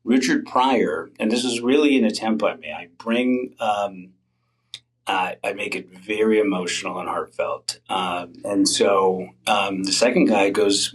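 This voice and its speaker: A middle-aged man speaks as a comedian guest in a candid interview. His voice sits fairly low, and he tells long stories full of ums, restarts and asides. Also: measured pace, breathy edge, rough recording. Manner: rambling storytelling with many fillers and restarts.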